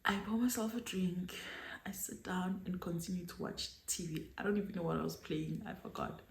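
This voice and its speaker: A young woman with a South African accent retells a story in a lively, dramatic way. Her voice sits low for a woman. The room adds a clear echo, with a faint hiss underneath. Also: normal speed. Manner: animated, dramatic retelling with code-switching. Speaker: YouTuber. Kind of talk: storytime vlog. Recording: echoey room with faint noise.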